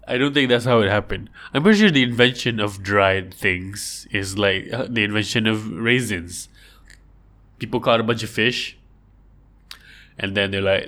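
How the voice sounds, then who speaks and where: On a casual livestream, a man with a slightly low voice talks at a moderate pace in a bright, forceful tone. He rambles and cracks jokes while answering listener questions, putting on silly voices to act out little scenes.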